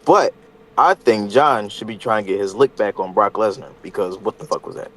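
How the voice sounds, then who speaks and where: A man's voice: on the low side, expressive, moderate pace, a bit bright, rough recording. A man co-hosting a casual podcast, laid-back and slangy with some profanity. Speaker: podcast co-host. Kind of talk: casual chat.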